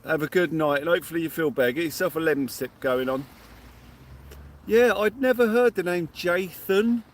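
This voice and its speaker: A man hosting a casual live stream from a beach at night, giving cheery shout-outs and telling jokey stories. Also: a little high, moderate pace. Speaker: livestream host.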